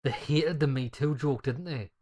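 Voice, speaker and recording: A man's voice: medium pitch, normal speed, a little mellow. A man commentating casually on a video game with crude, mocking asides. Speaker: gaming YouTuber commentator. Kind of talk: casual let's-play commentary.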